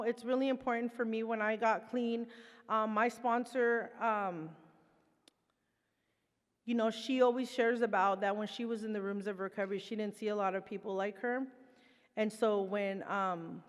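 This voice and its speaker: Heartfelt woman speaking in a reverberant hall. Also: mid-range voice. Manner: loose and heartfelt, many fillers. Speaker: panel speaker, recovery program participant. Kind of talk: conversational presentation.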